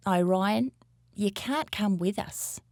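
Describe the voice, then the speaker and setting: A woman voicing an eager, affectionate baby female orca in a high, childlike voice for a storybook. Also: takes it slowly, darkish tone, no echo, studio quality. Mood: pleading.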